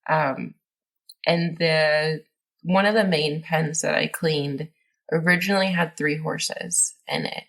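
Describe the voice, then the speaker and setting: A woman's voice: sits low, steady tone, takes it slowly, gravelly, fairly bright tone. A woman guest on a podcast, telling her story in a rambling, casual way with many fillers and restarts.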